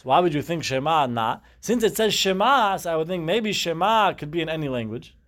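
A man's voice: a little high, expressive, brisk, a bit bright. Man teaching a Talmud class. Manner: chanting Aramaic phrases then explaining them in English.

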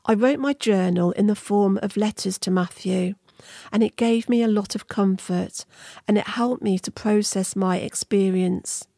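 Mellow woman telling a personal story. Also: mid-range voice, gravelly, dry recording, clean studio sound. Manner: measured, earnest storytelling. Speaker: podcast host. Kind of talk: scripted personal narration.

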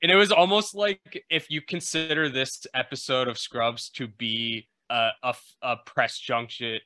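Male podcast co-host, bright and forceful, dry close mic, animated storyteller who restarts his sentences often. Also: medium pitch, a little slow, no echo. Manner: animated, acts out quoted interviewers with restarts. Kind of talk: casual podcast discussion.

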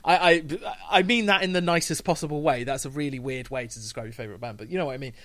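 A man's voice: fairly high pitch, fast talker, a bit bright, dry recording. A man in casual podcast chat, self-deprecating and laughing often.

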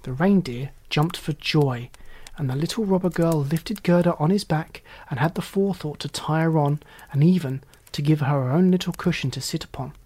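A storyteller reads a fairy tale aloud in a mid-pitched voice. The narration is steady and even from line to line. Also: moderate pace, husky. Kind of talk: storybook reading.

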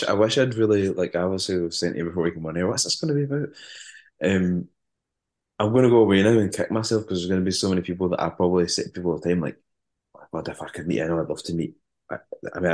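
A man with a very deep, low voice talks as a guest on a podcast. He speaks casually and haltingly, restarting words and filling gaps with "like" and "um". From West African heritage. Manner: hesitant, repeats words, many fillers. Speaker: band musician, guest. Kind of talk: casual interview chat.

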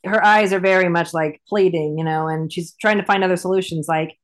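A woman with a slightly low voice co-hosts a chat about a series she loves. She talks with enthusiasm and playfully acts out the lines, jumping up in pitch for the characters. The tone is casual. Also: normal speed, few pauses. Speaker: podcast co-host.

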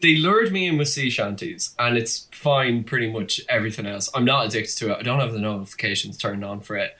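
A man's voice: mid-range voice, a little fast, pushed and bright. Jokey male podcast co-host. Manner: jokey, chatty storyteller. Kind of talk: casual podcast chat.

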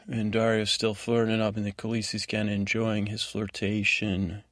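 A man hosting a podcast, giving a meandering bedtime recap that is full of halting restarts and fillers. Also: fairly low pitch, monotone, fairly bright tone, dry recording, studio quality. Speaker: podcast host. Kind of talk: rambling bedtime recap monologue.

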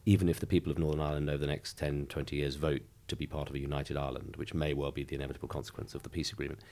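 A middle-aged man, a member of Parliament, giving a measured, emphatic political interview with frequent restarts. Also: rumbling low, level tone, vocal fry, darkish tone.

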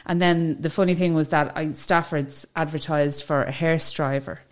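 Chatty Irish woman with a low voice. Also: fairly even intonation, normal speed. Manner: chatty storyteller, laughs when nervous. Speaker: funeral director, podcast guest. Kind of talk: casual chat.

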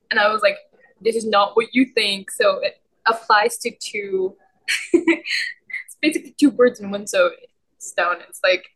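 A woman co-hosting a podcast, telling a story in a casual, excitable way with lots of giggles. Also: mid-range voice, slightly rough, rough recording. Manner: giggly and excitable, many fillers. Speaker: podcast co-host.

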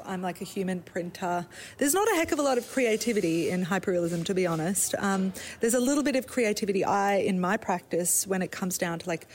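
A woman's voice: medium pitch, a little hiss or hum. Frank chatty Australian woman. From South Africa. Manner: frank, chatty, laughs easily, swears. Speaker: artist guest. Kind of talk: casual interview chat.

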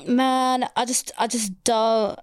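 A woman's voice: on the high side, steady tone, slow pace. A young woman with a girlish, childlike voice, chatting and giggling as a podcast co-host. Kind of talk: casual chat.

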